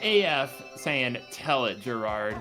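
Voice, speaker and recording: Brief: man, mid-pitch voice, hyped co-host reading donations, music under. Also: big pitch swings, slow. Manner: hyped, says dude a lot. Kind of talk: casual stream banter.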